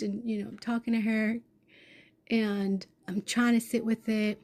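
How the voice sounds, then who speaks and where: A woman in her thirties or forties telling an emotional personal story, intense and swearing, swinging from hushed to loud. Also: mid-range voice, flat delivery, moderate pace. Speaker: vlogger.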